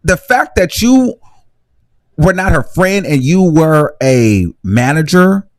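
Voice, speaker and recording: A man hosting a live reaction commentary, talking in a sassy, animated gossip style. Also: on the high side, slow pace, dry recording. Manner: sassy, animated gossip with shrieking laughs and mock voices. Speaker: commentary host.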